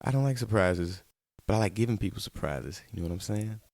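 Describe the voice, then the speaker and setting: A man's voice: on the low side, expressive, fairly quick, darkish tone, dry recording. A man hosting his own web show alone, talking straight to viewers in a playful, rambling way. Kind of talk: casual solo talk-show monologue.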